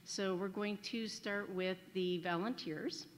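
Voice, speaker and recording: A woman's voice: mid-range voice, steady tone, takes it slowly, slight background noise. A woman program manager making casual announcements at a ceremony, introducing staff and volunteers with a few fillers. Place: large hall at a graduation ceremony. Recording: echoey hall with faint ambience.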